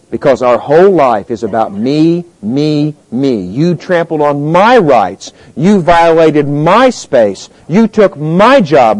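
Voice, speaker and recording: A male pastor preaching a sermon, emphatic, moving between quiet stretches and loud rising points. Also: fairly high pitch, low-quality recording.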